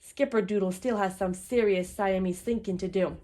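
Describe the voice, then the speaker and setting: A woman voicing a mother cat who scolds her son firmly and slowly. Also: medium pitch, steady tone, dark tone, natural voice. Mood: coaxing. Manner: stern, slow, firm.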